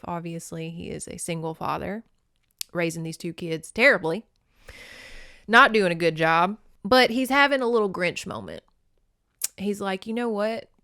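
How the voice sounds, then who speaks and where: A woman hosting a podcast, recapping a movie in an animated, emotional, casual way with some swearing. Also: on the low side, no echo, studio quality. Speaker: podcast host.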